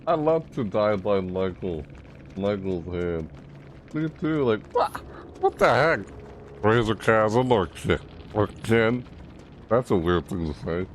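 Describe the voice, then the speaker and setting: A man's voice: on the low side, sing-song, slow, a little hiss or hum. A man giving chatty, casual commentary while playing a video game, reacting aloud and talking to himself. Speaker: gaming YouTuber.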